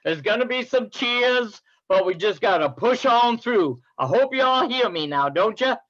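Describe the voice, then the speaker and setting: A woman voicing a gruff Southern man giving a drawling pep talk to his team. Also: on the high side, expressive, a little slow, no echo. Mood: rallying. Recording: muffled video-call audio.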